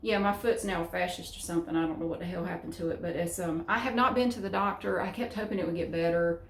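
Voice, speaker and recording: A woman's voice: lowish voice, fast talker, slight background noise. Rambling middle-aged Southern woman vlogging. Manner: rambling, frank, salty language. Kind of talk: casual chat to camera. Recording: roomy echo.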